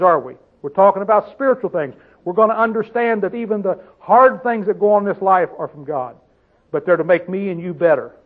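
A man preaching a Bible-teaching sermon, often asking his listeners questions and slowing down to stress the scripture he quotes. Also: high voice. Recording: tinny phone-like sound.

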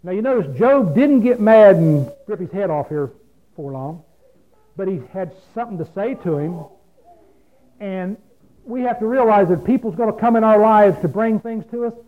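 A man's voice: high-pitched, lively intonation, moderate pace. A man preaching a folksy, plain-spoken sermon, often asking his listeners questions. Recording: phone-like lo-fi radio broadcast.

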